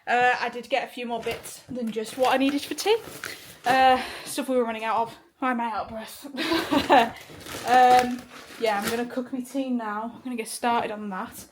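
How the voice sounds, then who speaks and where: A woman's voice: fairly high pitch, steady tone, normal speed, background noise. Chatty woman vlogging. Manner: chatty, swears casually, laughs often. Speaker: vlogger and musician. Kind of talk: casual vlog chat to camera.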